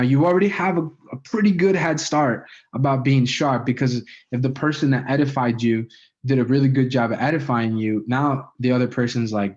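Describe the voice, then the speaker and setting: A man's voice: mid-range voice, darkish tone. A man in a mid register runs a casual training session on persuasive speaking, talking loosely with fillers and frequent "right?" checks. The recording is dull and lo-fi. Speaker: sales communication trainer. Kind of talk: casual spoken training talk.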